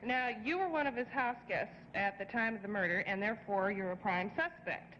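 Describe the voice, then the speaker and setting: A woman's voice: medium pitch, brisk, a bit bright. A woman guest on a game show, bantering playfully and putting on a mock-formal detective voice. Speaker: celebrity guest. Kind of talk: game show banter, reading comic mysteries. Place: TV studio before an audience. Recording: lo-fi 1960s TV audio with reverb and hiss.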